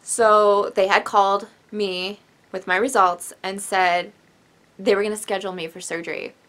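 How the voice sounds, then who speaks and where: A woman's voice: medium pitch, fairly even intonation, moderate pace, fairly bright tone. A young woman vlogger telling a personal story in a rambling, emotional way, sighing and apologizing, tearful at times.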